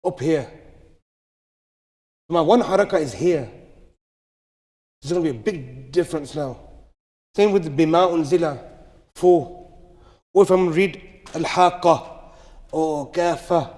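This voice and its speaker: In a large mosque hall with long reverb, a man teaches recitation rules to a live class, going step by step and checking that students keep up. His voice is fairly high and darkish, and he speaks at a measured pace with frequent pauses.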